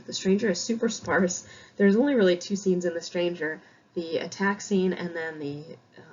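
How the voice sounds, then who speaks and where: A woman from Connecticut, a high school English teacher, explaining a novel in a chatty, self-deprecating recorded lecture. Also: lo-fi sound, a little hiss or hum.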